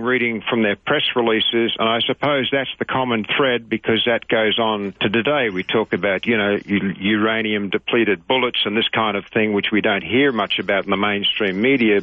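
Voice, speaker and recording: A man's voice: on the low side, no echo. Guy rambling thru a story on a phone call into a radio show, lo-fi tinny sound. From Australia. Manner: digressive, anecdotal, self-correcting. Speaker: interview guest.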